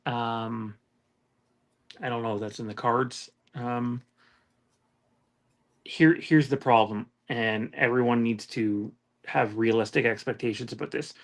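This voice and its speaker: A man hosting a podcast in casual chat, blunt and swearing as he lays out his arguments point by point. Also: mid-range voice. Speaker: podcast host.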